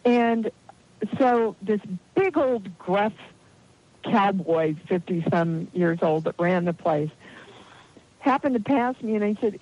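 A woman's voice: medium pitch, slow pace. Woman telling a story over a dull line. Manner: animated anecdotal storytelling, quotes voices, laughs easily. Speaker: guest, healer. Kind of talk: storytelling in an interview.

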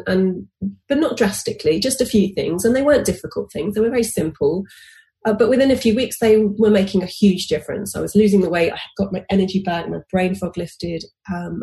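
A woman in her forties, a podcast guest telling a personal story with lively restarts and acted-out quotes. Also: fairly low pitch. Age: 40s. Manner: animated, acts out quoted dialogue with restarts.

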